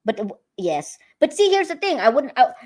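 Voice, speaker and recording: An excitable woman from the United States, talking loosely on a livestream after her comedy shows. She laughs a lot, swears without a second thought, and keeps dropping sentences halfway to restart them. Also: high voice, brisk. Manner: chatty and excitable, laughs often, swears casually. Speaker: stand-up comedian. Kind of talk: casual livestream chat reading viewer comments.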